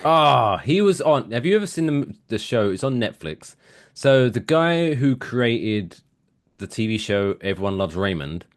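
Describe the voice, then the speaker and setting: Animated man with lively pitch. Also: measured pace. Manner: animated storyteller, loud bursts of excitement. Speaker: podcast co-host. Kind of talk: casual chat.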